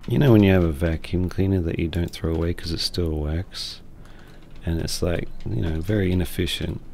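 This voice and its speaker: A young man streaming, rambling and joking at himself, with a quiet, mumbling voice. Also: low-pitched, moderate pace, creaky. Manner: rambling, self-deprecating, laughs often. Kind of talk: casual chat reading chat. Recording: faint music behind.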